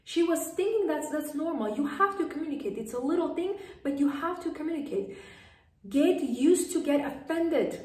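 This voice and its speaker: Female coach, high voice, firm repeated commands; roomy distant recording. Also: expressive, normal speed, darkish tone. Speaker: lifestyle coach. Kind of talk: motivational advice to camera. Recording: echoey room, voice distant from mic.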